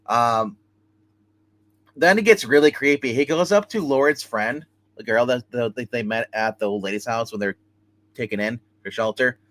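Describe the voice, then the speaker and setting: A man with a mid-range, fairly bright voice hosts a casual comic book review livestream at a moderate pace. He retells the plot loosely and ramblingly, with plenty of fillers, restarts, and "he's like."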